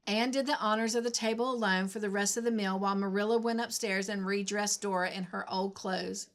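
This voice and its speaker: Woman reading a classic novel aloud, measured and expressive, mid pitch. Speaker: storybook reader.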